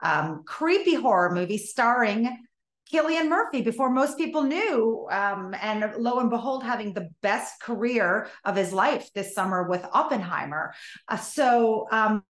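A woman's voice: fairly high pitch, lively intonation, unhurried. A woman hosts an interview, asking chatty, admiring questions and giving short agreements. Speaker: interviewer, host. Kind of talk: casual interview chat. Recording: roomy echoey sound.

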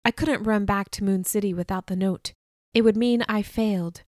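A woman narrates a first-person audiobook in a steady, measured voice at a middle pitch. Her asides drop soft and low. The sound is close and dry, with no room around it. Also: dry recording.

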